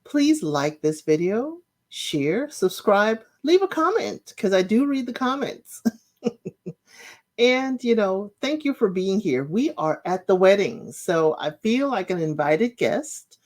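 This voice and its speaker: A woman's voice: medium pitch, big pitch swings, slow pace, darkish tone. A woman hosting her own channel, chatting casually as she recaps reality show episodes and retells the scenes in her own words.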